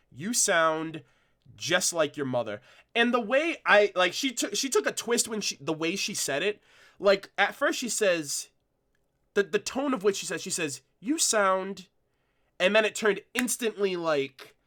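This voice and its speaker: A man's voice: a little high, fairly bright tone. A young man hosting a livestream, rambling in casual commentary with lots of restarts and fillers. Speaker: streamer discussing a cartoon episode.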